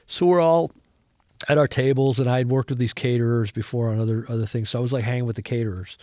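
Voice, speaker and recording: A middle-aged man, a former camera operator turned director, telling anecdotes in a casual interview with animated energy. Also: mid-range voice, fast talker, no room sound, studio quality. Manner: animated storyteller who acts out other people's lines.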